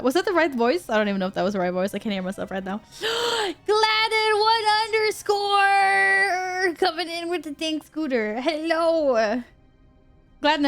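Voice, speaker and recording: A woman streamer chatting casually and giggling with her chat as she plays. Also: a little high. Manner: bubbly, giggly, talks to chat. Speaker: game streamer.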